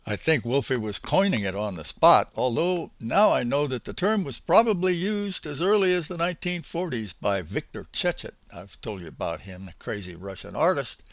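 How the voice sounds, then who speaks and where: An older man tells a memoir of his sailing days in a folksy, reflective, unhurried way. His pitch rises and falls with plenty of life, and his medium voice is heard in a dry, close recording with no room echo. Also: fairly bright tone. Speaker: storyteller. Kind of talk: spoken memoir narration.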